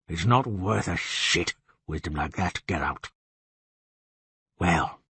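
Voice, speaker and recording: Husky, low-voiced beast-man done by a male reader, genial and boastful, audiobook, dry close sound. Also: a bit bright, dry recording, heavily acted. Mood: amused. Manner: chatty, confiding, wry. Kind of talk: audiobook reading.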